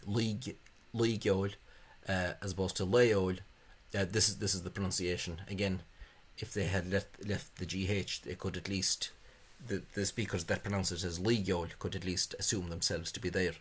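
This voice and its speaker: A man's voice: low voice, a bit bright. A man gives a spoken lecture on spelling, hesitant and full of fillers, with scornful asides. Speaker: language video host.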